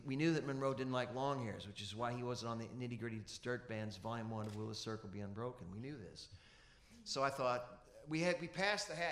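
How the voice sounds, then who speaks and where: A man from Kentucky, a musician telling animated stories on stage in front of an audience. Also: medium pitch. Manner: animated anecdotal storyteller. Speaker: musician and guest. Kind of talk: storytelling on a conference stage. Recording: echoey room.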